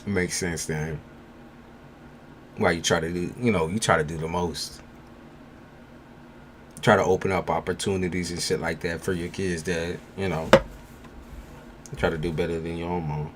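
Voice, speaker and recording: A man's voice: low voice, fairly even intonation, moderate pace, pauses often, a little hiss or hum. A man giving a live-streamed tarot reading, talking bluntly and casually while reassuring the viewer. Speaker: tarot reader.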